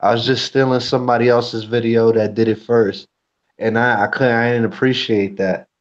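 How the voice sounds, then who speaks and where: A man's voice: medium pitch, level tone, normal speed, muffled recording. A man talking frankly in a casual chat as a YouTuber and co-host, cursing freely. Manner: blunt, frank, curses freely.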